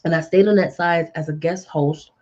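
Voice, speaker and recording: A woman radio host telling her story in a casual interview, animated and acting out what people said. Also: deep voice, moderate pace. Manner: animated, acts out quoted dialogue. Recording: dull lo-fi audio.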